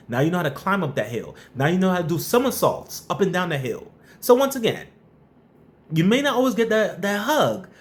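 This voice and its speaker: A high-pitched man hosts a live stream, chatting casually as he gives viewers shout-outs and blunt, tough-love advice about the workplace.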